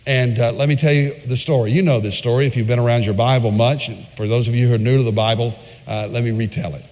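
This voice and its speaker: A man's voice: medium pitch, fairly even intonation, darkish tone. Emphatic male preacher in a hall. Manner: emphatic storytelling with dramatic pauses. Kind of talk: sermon. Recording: long hall reverb.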